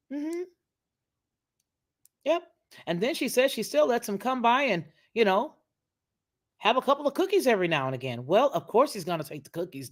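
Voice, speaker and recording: A woman talks through a video review like a sermon, emphatic and preacherly as she quotes scripture. Her pitch sits in a middle range but swings widely, rising and falling to press each point home. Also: sing-song, moderate pace. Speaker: online commentator. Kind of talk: religious video commentary.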